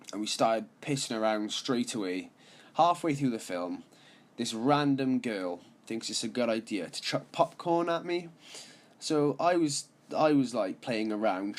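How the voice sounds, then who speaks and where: A young man casually telling a rambling, sweary story as a vlogger. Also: mid-range voice. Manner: laid-back, sweary, rambling.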